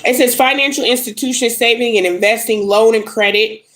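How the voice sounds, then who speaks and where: Speaking a little fast in a slightly bright, highish voice, a young adult woman comes through on poor audio. As a live tarot reader on a casual stream, she's upset and angry, bluntly cursing out her commenters.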